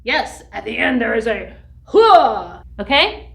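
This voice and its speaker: A woman music teacher giving an upbeat lesson to young children, speaking slowly and clearly. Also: roomy sound, far from the mic. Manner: shouts chant calls in a high voice.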